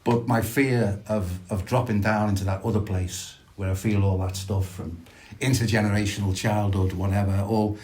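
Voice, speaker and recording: A middle-aged man, sharing reflectively and haltingly at a recovery meeting, with many restarts. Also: on the low side, fairly even intonation, a little mellow. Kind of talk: personal sharing at a support meeting.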